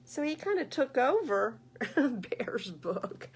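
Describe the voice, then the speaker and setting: A woman librarian reading picture books aloud at a baby storytime, animated and sing-song, talking to little listeners. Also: fairly high pitch, takes it slowly, husky. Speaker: children's librarian.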